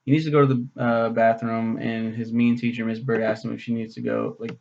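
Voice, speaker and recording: A man's voice: mid-range voice, flat delivery, fairly quick, creaky, a little mellow, lo-fi sound. A man casually reviewing a short story for his vlog, rambling and swearing, with many "um"s. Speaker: book reviewer.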